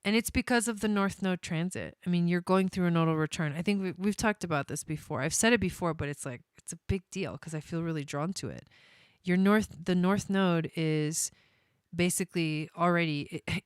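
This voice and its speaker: A young woman talks casually on a live stream in a smooth, somewhat low voice. She's bubbly and chatty, laughing often and wandering off on tangents. The sound is dry and close, with no room around it. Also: moderate pace, no room sound. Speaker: astrologer doing live readings.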